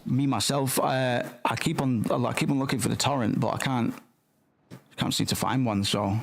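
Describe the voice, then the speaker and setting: Gravelly swearing streamer. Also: male voice, medium pitch, steady tone, normal speed. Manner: swearing, rambling, playfully rude to game characters. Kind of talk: casual gameplay commentary.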